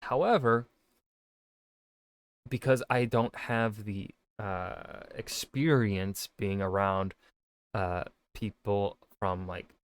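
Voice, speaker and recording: A man's voice: lowish voice, slow, clean tone, no echo. A man, an author, reacting to a video in casual commentary, thinking aloud with many fillers and restarts.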